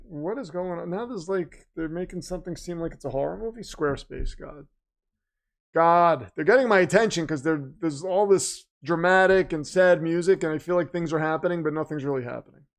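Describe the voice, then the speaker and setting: A man's voice: a little high, fairly quick, creaky. A man hosting a live stream, reacting to a football game and chatting with viewers, swinging into announcer-style hype. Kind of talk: casual live-stream commentary.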